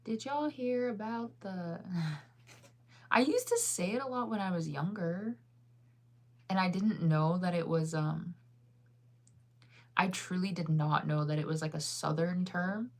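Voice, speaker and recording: Chatty young woman, crisp enunciation. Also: lowish voice, measured pace, long pauses. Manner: enunciates words fully and crisply; rambling, chatty, laughs often. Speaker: vlogger. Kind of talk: casual chat to viewers.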